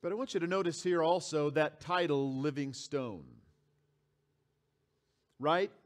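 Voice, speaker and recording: A man's voice: fairly high pitch, brisk. Emphatic man preaching a sermon. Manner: emphatic preaching, repeats key phrases, reads scripture aloud. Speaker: pastor. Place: church sanctuary.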